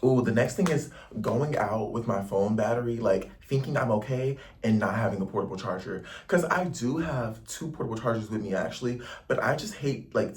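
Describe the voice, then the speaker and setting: A young US travel vlogger, recorded far from the mic, rambles casually to camera from indoors at his Paris lodging. His medium-pitched voice is slightly mellow, and his chatty talk is slangy and packed with "like".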